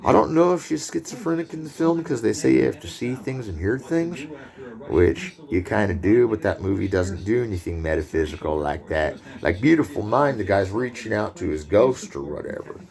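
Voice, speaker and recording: A man gives an unscripted film lecture in a low, gravelly voice with some vocal fry. He rambles and drifts into digressions and loose asides. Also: lively intonation, normal speed, a little mellow.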